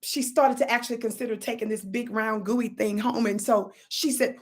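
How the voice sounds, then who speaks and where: A woman hosting a live stream, telling a story to viewers in an animated, preachy call-and-response style. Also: fairly high pitch, moderate pace, hardly any pauses. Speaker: livestream host. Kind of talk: casual livestream storytelling.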